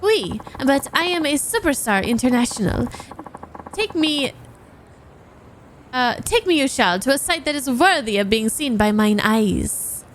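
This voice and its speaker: A woman's voice: high-pitched, lively intonation, unhurried, a little hiss or hum. A woman doing a pompous faux-French pop diva. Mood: grandiose. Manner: grand, broken faux-French phrasing. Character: haughty eccentric female pop superstar. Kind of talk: reading game dialogue aloud.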